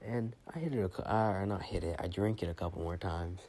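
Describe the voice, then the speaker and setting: Brief: low, dark-toned young guy, slangy storyteller, a bit high. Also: fast talker. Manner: rambling, profane, slangy. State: a little high. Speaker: vlogger. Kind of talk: casual storytime.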